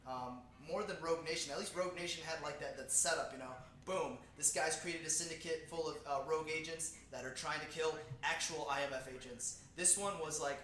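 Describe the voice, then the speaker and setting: A man co-hosting a casual movie review chat, animated and quick to laugh, acting out lines and humming a theme. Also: on the high side. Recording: echoey room.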